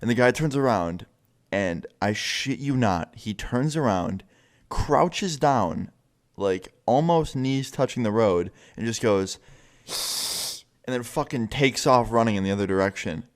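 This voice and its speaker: A man's voice: mid-range voice, animated, unhurried. A young man telling a story in a casual, rambling way, swearing freely and filling his talk with "like". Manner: profane, rambling, full of filler "like".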